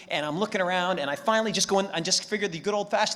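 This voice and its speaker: A man sharing his story at a recovery meeting, profane and animated. His voice is bright, forceful and a little high, and he tells it as a comic tale in a meeting room. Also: very fast.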